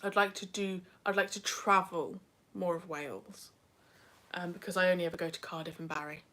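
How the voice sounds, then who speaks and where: A woman's voice: lowish voice, fairly even intonation, fairly quick, sharp tone. A young British woman hosting a casual livestream, reading chat and talking with self-deprecating asides. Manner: chatty, self-deprecating, drifts into whispers.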